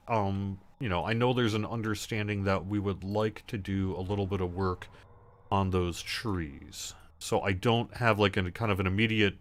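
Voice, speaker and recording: A man's voice: on the low side, fairly bright tone. A man hosting a casual gaming livestream, chatting loosely and answering viewer questions as he plays. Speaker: livestream host.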